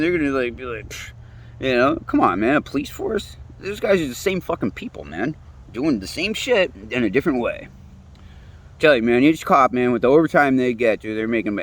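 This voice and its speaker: Man ranting with heavy profanity. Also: mid-range voice. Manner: profane, rambling, full of fillers. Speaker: host. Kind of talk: casual rant monologue.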